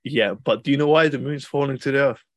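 Speaking fast at medium pitch, a young man hosts his podcast with animated, meandering anecdotes, restarting often and using plenty of fillers. The recording has no room sound.

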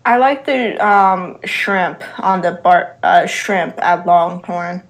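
Relaxed woman giving food opinions. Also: fairly low pitch, slow. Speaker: podcast co-host. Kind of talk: casual chat.

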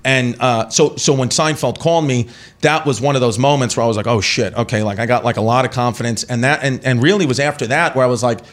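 A man's voice: medium pitch, fast. A man in his thirties, a comedian guest, telling rambling, profane stories in casual podcast talk. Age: 30s. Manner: animated, profane, rambling anecdotes.

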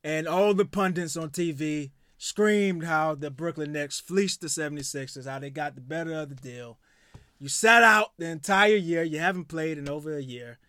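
A man's voice: fairly high pitch, moderate pace, sharp tone, dry recording. A man co-hosting a casual sports talk show, ranting with heat, profanity and repeated words. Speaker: podcast co-host.

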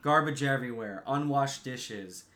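A man casually recapping a film plot with lots of fillers, animated like a storyteller. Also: medium pitch, unhurried.

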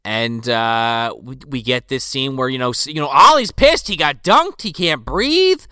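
A man with a bright, clear voice co-hosts a casual podcast. He swings his pitch widely as he acts out scenes, swears freely and fills his sentences with "uh". The sound is dry and close. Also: a little slow, no room sound. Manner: animated, profane retelling of scenes, frequent fillers. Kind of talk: casual chat about an old film.

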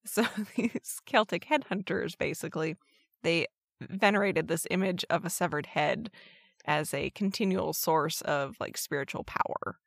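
A woman co-hosting a casual podcast, telling folklore stories in a relaxed, chatty way. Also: on the low side, unhurried, gravelly, dry recording, clean studio sound. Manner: storytelling about folklore, light laughs. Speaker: co-host.

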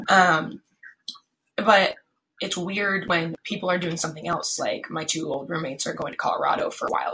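Low, gravelly woman rambling tiredly. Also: flat delivery, normal speed, sharp tone, low-quality recording. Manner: rambling, filler-heavy, frequent restarts; tired, yawning. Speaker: podcast host. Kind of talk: casual solo podcast chat. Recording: faint background noise, pen clicks.

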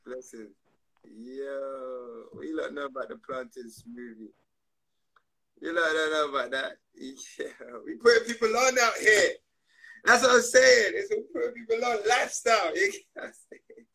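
Male guest, slightly raised pitch, joking and slangy, laughs a lot. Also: moderate pace, bright, forceful tone, low-quality recording. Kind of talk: playful casual interview chat.

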